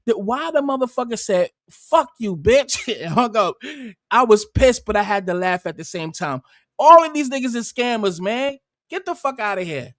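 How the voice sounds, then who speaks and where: A man loudly telling a profane story on a podcast, animated and yelling at times. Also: high-pitched, moderate pace, dry recording, studio quality. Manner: animated, loud, swearing, admits yelling.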